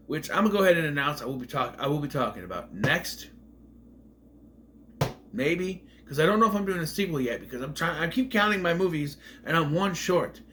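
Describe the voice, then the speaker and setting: Rambling male movie reviewer, lively pitch. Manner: rambling, off on tangents. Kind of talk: casual video review.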